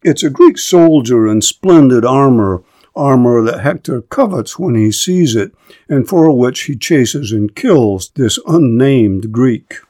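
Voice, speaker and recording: A man explaining a play in a clear, measured way before reading it aloud. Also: medium pitch, lively intonation, dark tone, no room sound. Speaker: literature lecturer.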